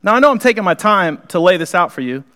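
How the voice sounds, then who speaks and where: A man preaching a conversational sermon in a church, animated and acting out the people in the story. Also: sits high, quick pace. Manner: animated, conversational, acts out the characters. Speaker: pastor. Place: church sanctuary.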